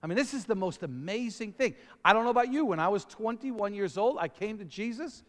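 A man preaching a lively sermon, calling out to the congregation for amens and acting out short scenes as he goes. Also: high-pitched, brisk, long reverb tail. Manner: animated, call-and-response preaching. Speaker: pastor.

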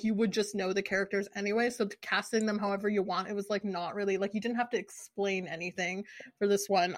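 A woman's voice: medium pitch, no echo. Chatty woman going on about a movie, lots of likes, dead dry sound. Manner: animated, lots of "like" fillers. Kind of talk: casual chat.

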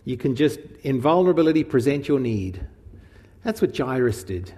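A man's voice: mid-range voice, very animated, normal speed, dark tone. A man preaching a sermon in a casual, conversational way. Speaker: pastor. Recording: long hall reverb.

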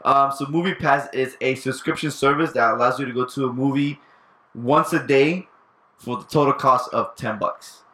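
A man hosting a casual podcast, leading the topic in a relaxed way and swearing now and then. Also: mid-range voice, normal speed, echoey room. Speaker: podcast host. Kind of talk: casual chat.

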